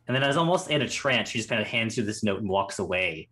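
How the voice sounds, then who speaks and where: A man's voice: lowish voice, lively intonation, fast talker, pushed and bright. Chatty man narrating a tabletop game. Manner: loose, chatty, full of fillers and restarts. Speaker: game master. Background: faint carnival music.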